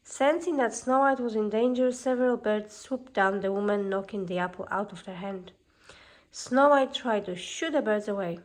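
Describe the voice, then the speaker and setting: A woman narrates a fairy tale in a calm, even storybook reading. Her voice sits somewhat high. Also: unhurried.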